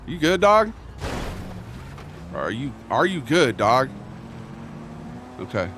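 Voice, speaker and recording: A young man talks loosely to his live chat, piling on slang and circling back on himself. His voice sits in an ordinary middle pitch. Faint car and street noise runs under him outdoors. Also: big pitch swings, takes it slowly, a bit bright. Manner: rambling, slangy, reads chat aloud. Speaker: streamer. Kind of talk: casual live-stream chat.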